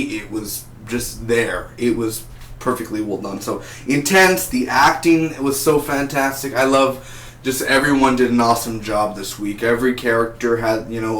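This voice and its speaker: Excitable man reviewing TV in an echoey room. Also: mid-range voice. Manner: excitable and rambling, repeats and restarts words. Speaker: TV episode reviewer. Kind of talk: casual spoken review.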